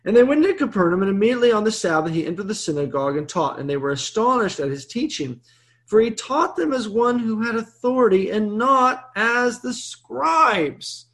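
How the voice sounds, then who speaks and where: A man's voice: high voice, lively intonation, brisk, a bit bright. A man, a priest, teaching a Bible passage in a sermon, chatty and often checking in with "okay?". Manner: conversational, frequent "okay?" check-ins.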